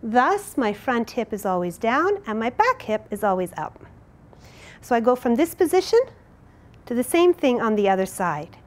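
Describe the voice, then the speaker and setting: A woman's voice: fairly high pitch, darkish tone. A woman teaching a dance lesson, explaining and counting out each move as she demonstrates it. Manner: clear, counting out moves while demonstrating. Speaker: dance instructor.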